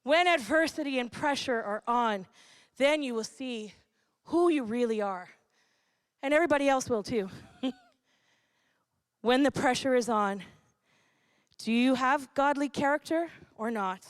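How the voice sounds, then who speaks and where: A woman pastor preaching a sermon in an animated, emphatic way, laughing lightly between points. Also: sits high, unhurried, long pauses, smooth, no echo. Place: church.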